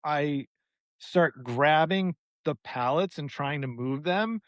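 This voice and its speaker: A man's voice: on the high side, takes it slowly, no room sound, highs cut off. Exasperated man telling a story. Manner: animated, exasperated storytelling with swearing. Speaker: podcast co-host. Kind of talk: casual storytelling chat.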